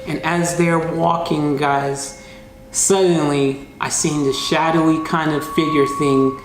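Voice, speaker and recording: A host tells a story straight to camera in a relaxed, chatty way, peppering it with slang and calling out to viewers. The voice sits in the middle of the pitch range, and the home room around it is noticeably roomy and echoey. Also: slow pace, music in the background. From United States. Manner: animated, chatty, addresses viewers as guys, slang-heavy. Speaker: channel host.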